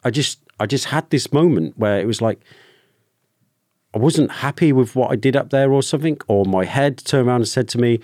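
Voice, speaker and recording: A British man, a former soldier, telling a personal story openly in a podcast conversation, with halting restarts. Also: mid-range voice, a little mellow, no echo, clean studio sound. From Britain. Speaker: guest, ex-soldier.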